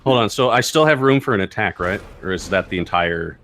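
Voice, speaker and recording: Eager, swearing man player with a lively voice. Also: fairly low pitch, brisk, slight background noise. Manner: swearing, eager, checks rules aloud. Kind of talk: casual tabletop game chat.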